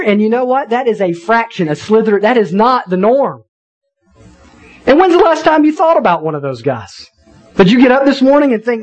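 A man preaching a sermon in a conversational, animated way, with wry asides to the congregation. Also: high voice, fairly quick, muffled recording, faint music behind. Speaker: pastor.

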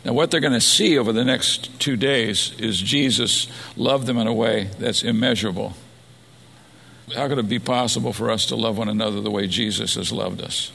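A man's voice: mid-range voice, gravelly, a bit bright. A man preaching a sermon as a pastor, earnest and building to emphatic points. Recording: long hall reverb.

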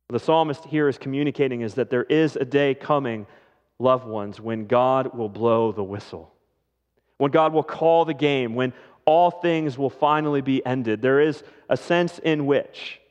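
A man preaching a sermon as pastor, speaking in a slow, measured way with dramatic pauses. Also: mid-range voice. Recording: dull lo-fi sound with long hall reverb.

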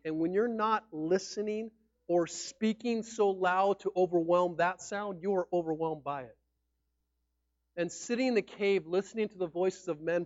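A man with a high voice preaches a sermon in a lively, conversational way and sometimes acts out how people react. The recording is dry and dull, with a muffled lo-fi sound. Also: no room sound. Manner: animated, acts out shouting fans and mock-formal speech. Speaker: pastor.

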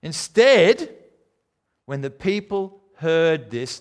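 A man preaching a sermon, emphatic, swinging between loud declarations and quiet, low lines. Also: animated, unhurried.

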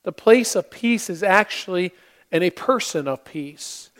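In a church sanctuary, a male pastor with a high, expressive, slightly bright voice preaches a Christmas-season sermon in earnest tones. He uses dramatic pauses and tells a story, acting out the characters' voices.

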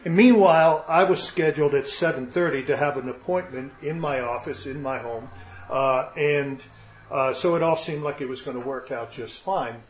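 A man's voice: medium pitch, normal speed, roomy sound, low-quality recording. A man preaching a sermon, telling a personal story in a conversational way with self-deprecating humor and frequent restarts. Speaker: pastor.

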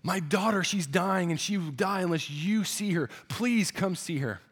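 A desperate father begging for help, as a preacher acts him out in his sermon. The man's voice is fairly high for a man, and the pleading is slow and urgent. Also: slightly rough.

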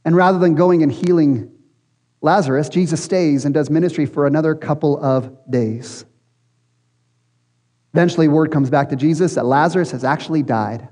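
Here a high-voiced man talks at normal speed, preaching earnestly and conversationally to his church. The setting is a church hall, and long reverb trails through the recording.

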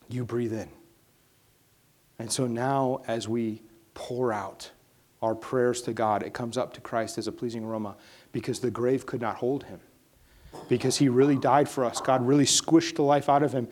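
A man delivers a church sermon in a middle-pitched voice. He drops to hushed, prayerful tones, then builds to loud, emphatic peaks. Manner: swings from hushed prayerful lines to rising, emphatic preaching. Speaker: pastor.

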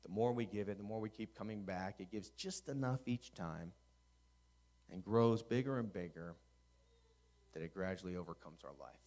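A middle-aged male pastor preaching a sermon, swinging from quiet intensity to loud, animated storytelling. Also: fairly low pitch, moderate pace.

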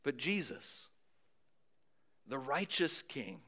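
A man preaching a sermon, moving between booming emphasis and hushed near-whispers, with casual conversational asides. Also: big pitch swings, slow pace. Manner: conversational asides with light humor. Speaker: pastor.

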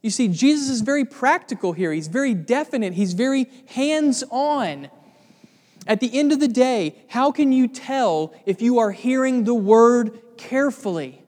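A man's voice: very high-pitched, lively intonation, a little slow, a little mellow, in a large hall. A man preaching a sermon as pastor, earnest and building to emphatic lists of words.

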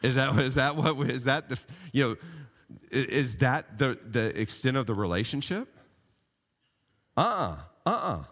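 A man preaching a sermon, animated and full of rhetorical questions, reading scripture aloud in a church. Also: mid-range voice, measured pace. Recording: long hall reverb.

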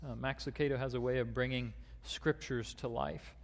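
A man delivers a sermon in a middle-pitched voice, stumbling over fillers and restarts as he works into a long reading. His voice rings with the long reverb of a large sanctuary. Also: fairly even intonation, normal speed, creaky. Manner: reads a long quoted passage aloud, with fillers and restarts. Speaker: pastor.

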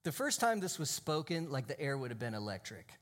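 A man's voice: medium pitch, sing-song, a little fast. A male pastor preaching in a church, emphatic, drawing out key phrases and sometimes dropping to a near whisper. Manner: drops to a hushed, almost whispered voice for emphasis. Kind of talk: sermon.

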